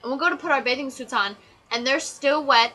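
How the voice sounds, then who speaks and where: Sharp-toned and high-pitched, a teen girl talks fairly quickly through a sarcastic list of things that annoy her, sounding chatty and fed up as she vlogs. The audio quality is poor.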